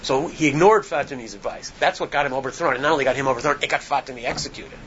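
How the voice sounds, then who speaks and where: A man, an author on a panel, telling a history story in a lecture style, halting often with ums and restarts. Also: mid-range voice, a bit bright, highs cut off, a little hiss or hum.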